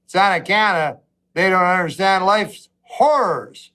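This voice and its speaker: Deadpan rambling comedian, high voice. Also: male voice. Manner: deadpan, halting, full of fillers and asides. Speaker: comedian, talk show guest. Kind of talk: rambling anecdotal storytelling.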